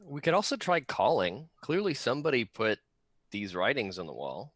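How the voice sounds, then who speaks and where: A man's voice: mid-range voice, moderate pace, dry recording. A man playing a tabletop role-playing game in casual chat, joking playfully. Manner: playful, jokey, lively.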